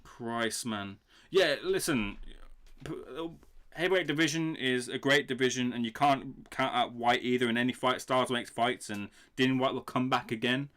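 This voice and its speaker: A young man hosting a live boxing reaction stream, excitable and swearing freely while he talks to his chat. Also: mid-range voice, moderate pace. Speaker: livestream boxing reaction host.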